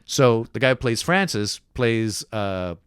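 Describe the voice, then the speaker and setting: Animated man in casual comedy chat. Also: unhurried, clean tone, dry recording, studio quality. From Canada. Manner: animated, swears, jumps into high put-on voices for quotes. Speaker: podcast guest.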